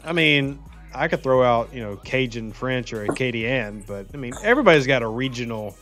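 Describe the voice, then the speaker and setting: This livestream host, a man from Louisiana with a slight Southern twang, reads his viewers' comments aloud on a casual gaming stream in a chatty, teasing way. He talks a touch fast in an expressive, mid-range voice with some brightness. Gentle music plays in the background.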